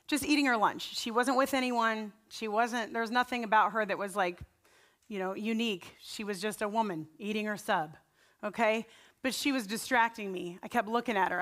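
A woman pastor preaching a sermon, telling personal stories in a conversational, earnest way before leading a prayer. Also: fairly high pitch. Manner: conversational storytelling, earnest and animated.

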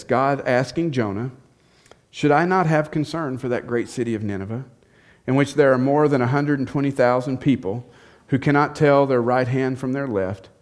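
A man's voice: medium pitch, darkish tone. A man preaching a sermon, retelling a story in a conversational, emphatic way and asking the audience rhetorical questions. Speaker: pastor.

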